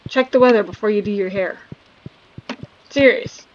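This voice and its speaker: A woman's voice: mid-range voice, normal speed, long pauses, dull audio, a little hiss or hum. A woman hosting a casual let's play, chatting and joking with viewers as she plays. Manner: reads game dialogue aloud. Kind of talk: casual gameplay commentary.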